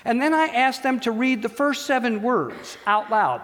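High-voiced man preaching in a hall. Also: moderate pace. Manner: animated storyteller, acts out voices. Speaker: pastor. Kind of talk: sermon with storytelling. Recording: long hall reverb.

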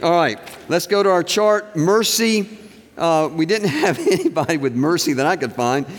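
A man's voice: a little high, very animated, normal speed. An older man, a university president, giving a chapel sermon with joking asides and earnest prayer in a large auditorium. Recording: reverberant hall.

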